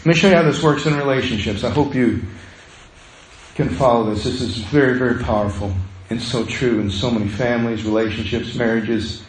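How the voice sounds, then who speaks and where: A man's voice: mid-range voice, fairly quick, roomy sound, a little hiss or hum, low-quality recording. A male pastor preaching a sermon in a conversational way, acting out the voices he quotes.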